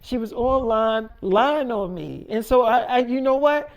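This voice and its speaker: A man's voice: very high voice, lively intonation, unhurried. A man telling a long casual story in a rambling, slangy way, full of fillers and repeats. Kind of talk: casual freestyle storytelling monologue.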